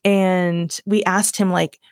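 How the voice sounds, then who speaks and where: A woman's voice: fairly low pitch, flat delivery, slow pace, a little mellow, no room sound, clean studio sound. A woman in her twenties from Virginia with a light Southern accent, chatting on her own show in a rambling, self-mocking way full of fillers. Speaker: podcast host. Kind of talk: casual solo chat.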